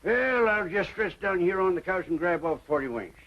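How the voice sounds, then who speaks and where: An actor playing a loud, brash older grandfather from the West with a folksy drawl and cackling laughs, in 1940s film acting. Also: sits high, expressive, moderate pace. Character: loud brash old western grandpa, rowdy. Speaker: boisterous grandfather visiting family. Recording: muffled old film soundtrack with hiss.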